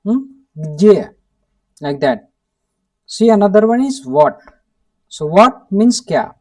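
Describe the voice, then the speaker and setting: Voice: medium pitch, very animated, takes it slowly, gravelly, darkish tone, distant mic. A language teacher from India with an Indian English accent, giving an online lesson, repeating each word again and again and prompting with a questioning "hmm?".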